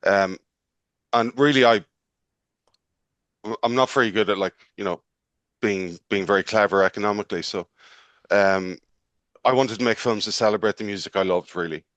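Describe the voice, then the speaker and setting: Hesitant low-voiced filmmaker man. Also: moderate pace, pauses often, fairly bright tone, no room sound. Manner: hesitant, modest, lots of ums. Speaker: filmmaker guest. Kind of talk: interview answers.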